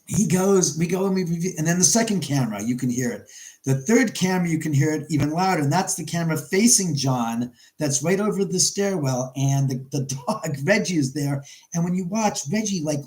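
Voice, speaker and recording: A middle-aged man chats casually on a livestream from his own house, with a voice pitched a little high. He tells long, wandering stories and breaks off to greet viewers in the chat. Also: a little mellow, poor audio. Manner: rambling storyteller, reads chat aloud. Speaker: livestream host.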